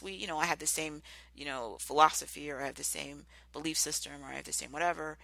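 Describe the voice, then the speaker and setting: A man hosting an advice podcast, speaking earnestly and pleading with listeners, at times murmuring softly to demonstrate. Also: on the high side, fairly even intonation, fast, gravelly, no room sound, low-quality recording. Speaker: podcast host. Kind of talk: advice monologue.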